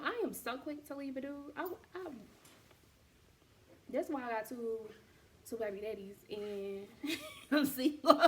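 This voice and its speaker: A woman's voice: a little high, a bit bright. A woman hosting a casual faith talk, speaking candidly in slangy, storytelling fashion. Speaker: podcast host and boutique owner.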